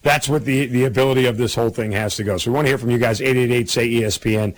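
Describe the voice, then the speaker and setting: A man hosting a sports talk radio show, chatting quickly and taking calls from listeners. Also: mid-range voice, fairly even intonation. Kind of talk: casual radio chat.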